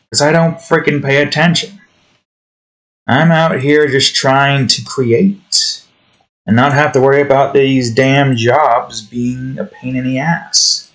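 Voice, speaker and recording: Tired young guy from jersey, mid-pitched voice, rambly rant full of restarts while drawing. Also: fairly bright tone, low-quality recording. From New Jersey. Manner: meandering, frustrated rant with frequent restarts. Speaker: art streamer.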